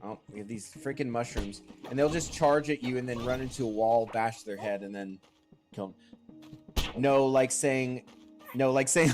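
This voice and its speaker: A chatty man rambling through casual commentary while he plays, chatting back to viewers as he goes. His voice sits at an ordinary middle pitch with a stuffy, congested edge left over from a cold, and game music runs steadily underneath. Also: normal speed. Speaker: streamer.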